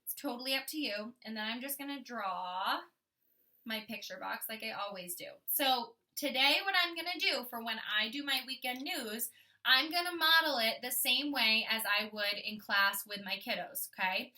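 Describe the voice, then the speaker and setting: A young woman teaching kindergarten, modeling writing and thinking out loud as she slowly sounds out letters for young children. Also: a little high, recorded from a distance.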